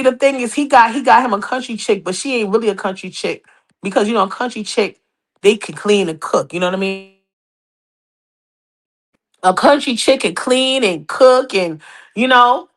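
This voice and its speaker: A woman's voice: a little high, animated, moderate pace, long pauses. A woman with a New York accent hosting a podcast, dishing celebrity gossip in brash, profane, mocking casual chat. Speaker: podcast host.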